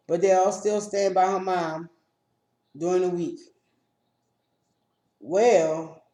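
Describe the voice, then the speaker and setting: A woman telling a story in casual chat, measured and careful with the details. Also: on the low side, warm tone, reverberant. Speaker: co-host.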